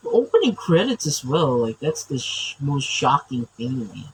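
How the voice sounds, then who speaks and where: With hardly any pauses and a moderate pace, a man with a breathy-edged, mid-range voice and big pitch swings chats as he draws on camera. His talk rambles and stammers, broken up by frequent laughs, on a low-quality recording.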